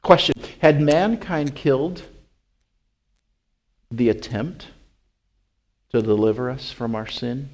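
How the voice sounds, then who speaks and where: A man preaching a sermon as pastor, asking his listeners question after question and swinging from loud, high calls to slow, hushed lines. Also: expressive. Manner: asks the congregation rhetorical questions.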